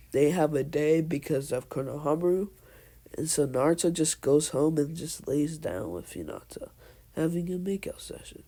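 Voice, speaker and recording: A man's voice: a little high, mellow. A man casually retelling a fan story, rambling and hesitant, stringing events together with "and so then.".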